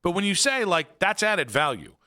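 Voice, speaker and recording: A sports radio host, a man with a bright, forceful voice set a little high, talks through his points in loose, rambling studio chat. He stacks fillers and restarts but keeps pressing his opinion. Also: wildly swooping pitch, moderate pace. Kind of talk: casual sports talk.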